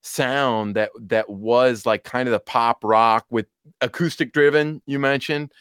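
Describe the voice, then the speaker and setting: A man in his thirties, a podcast guest, telling stories in an animated, chatty way with quick asides. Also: medium pitch, clear, resonant tone, no room sound, studio quality. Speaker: podcast guest, polka band musician. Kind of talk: casual chat.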